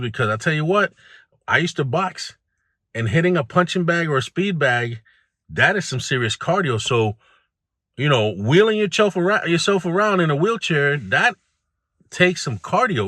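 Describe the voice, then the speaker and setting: A man delivers a candid motivational monologue in a blunt, plain-spoken way, speaking straight to the viewer. His voice sits at an ordinary middle pitch. The recording is dry and close, with no room sound. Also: sharp tone, no room sound. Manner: confessional, speaks about his own struggles. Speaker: host of a self-improvement video series.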